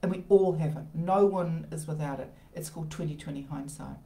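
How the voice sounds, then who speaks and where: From her home conservatory, a woman hosts a live self-help talk, her deep, gravelly voice dark in tone and a little fast. She rambles through the informal motivational chat with restarts and asides, and the room gives a roomy echo.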